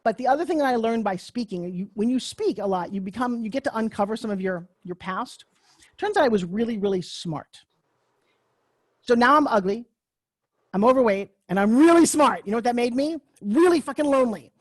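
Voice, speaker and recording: Speaking through a computer mic on a video call, a middle-aged Long Island New York woman gives a personal storytelling talk about her life. Her voice sits on the high side and is expressive and brisk, with no echo, and her manner is brash, candid, and self-mocking, with plenty of free swearing.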